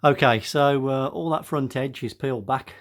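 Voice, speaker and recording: An older man runs a casual car restoration vlog, describing his own repair while breathing hard. He speaks at a normal speed in a medium pitch, chatting with lots of "uh" fillers and addressing viewers as "guys."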